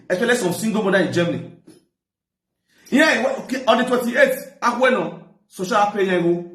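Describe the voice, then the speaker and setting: Excited Nigerian man ranting in echoey room. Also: high-pitched, brisk, pauses often. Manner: excited, mixes pidgin with local language, voice jumps up when heated. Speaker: talk show host. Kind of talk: animated gossip commentary.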